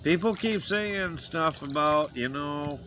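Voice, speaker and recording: A man's voice: fairly high pitch, takes it slowly, sharp tone, a little hiss or hum, low-quality recording. A man delivering an impassioned, rambling personal message to his viewers, earnest and emotional, pleading with them to listen. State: choked up. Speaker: vlogger.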